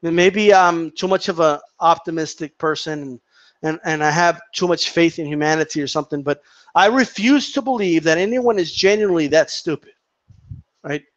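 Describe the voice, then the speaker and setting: A man's voice: a little high, normal speed, lo-fi sound. A man giving an opinionated, profane rant as a boxing commentator, repeating and tripping over his words.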